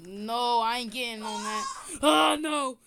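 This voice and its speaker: Playful older woman gaming, slow talk. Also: a little high, gravelly. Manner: playful, teasing, excitable. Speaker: gamer playing with family. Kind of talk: casual gameplay commentary. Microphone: phone screen recording.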